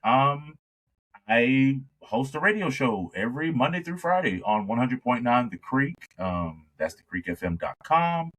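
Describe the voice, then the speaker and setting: A man from New York, a singer and radio host, chatting as a podcast guest and telling lively stories, with frequent agreeing "yeah"s. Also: mid-range voice, measured pace. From born in New York. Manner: lively storyteller, steady stream of agreeing "yeah"s. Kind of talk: casual conversation.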